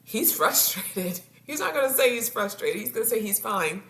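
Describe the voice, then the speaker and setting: A woman's voice: a little high, expressive, normal speed, a bit bright. A woman couples therapist talking casually to her viewers, laughing often and tripping over her words. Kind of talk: casual talk to camera. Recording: roomy echo, faint background hum.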